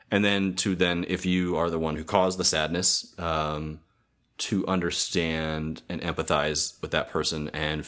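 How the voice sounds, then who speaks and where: A man casually retelling a cartoon episode on a podcast, halting with many restarts and fillers. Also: low-pitched, fairly bright tone. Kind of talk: casual chat.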